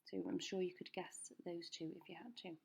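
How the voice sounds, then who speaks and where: Woman teacher with some vocal fry, patient and deliberate as she drills pupils on new words. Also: fairly low pitch, little pitch movement, a little mellow, a little hiss or hum. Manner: slow, careful pronunciation drills. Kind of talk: recorded classroom lesson. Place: school.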